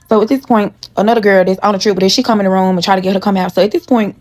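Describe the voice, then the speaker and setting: A woman in her thirties tells a storytime vlog straight to her viewers, blunt, heated, and swearing heavily. Her mid-range voice is steady and darkish, very fast with few pauses, and there is no room sound in the recording.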